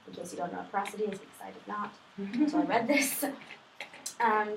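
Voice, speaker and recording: A young woman, a student, casually summarizing her reading for a study group, chatty and full of fillers and self-deprecating asides. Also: fairly high pitch. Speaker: student presenter. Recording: echoey room, distant mic, faint noise.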